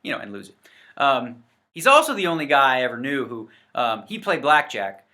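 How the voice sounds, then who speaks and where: This poker vlogger's mid-range voice swings widely in pitch, pushed and bright, at a normal speed. Facing the camera indoors against a set backdrop, he gives a casual, rambling rant full of fillers and corrections of himself.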